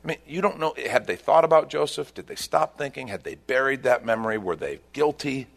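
A man preaching a sermon as pastor, telling a scripture story with emphatic bursts and quieter reflective stretches. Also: medium pitch, expressive, a little fast, vocal fry.

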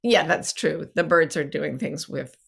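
A woman's voice: low-pitched, a little slow, creaky, slightly rough. A woman co-hosting a podcast, rambling playfully and poking fun at herself in casual chat. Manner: rambling, playful, self-mocking. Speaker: podcast co-host.

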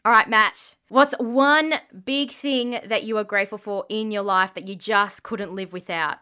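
A woman's voice: medium pitch, fairly even intonation, a little slow, pushed and bright, smooth, soft background music. A woman hosting a podcast in casual chat, bubbly and gushing, laughing often. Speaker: podcast host.

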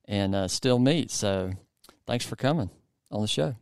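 Male host, casual interview chat, low voice, clear and resonant, rambling with fillers. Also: animated, a little slow, no echo. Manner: rambling, many fillers and restarts. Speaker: podcast host.

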